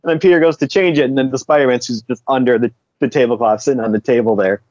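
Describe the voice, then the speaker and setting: A man's voice: mid-range voice, quick pace, a little mellow, no echo, dull audio. A man co-hosting a podcast, retelling a comic book story in loose, casual chat, chuckling often and swearing now and then. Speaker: podcast co-host.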